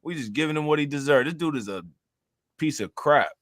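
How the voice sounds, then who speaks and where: A man's voice: on the high side, animated, fairly quick, a bit bright, no echo, studio quality. A man co-hosting a casual reaction chat, laughing a lot and using slang. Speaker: co-host.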